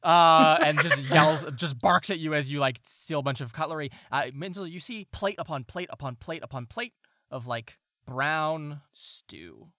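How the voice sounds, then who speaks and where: A man's voice: fairly high pitch, lively intonation, moderate pace, bright, forceful tone, no echo, clean studio sound. A man narrating as game master, rambling and correcting himself as he describes scenes.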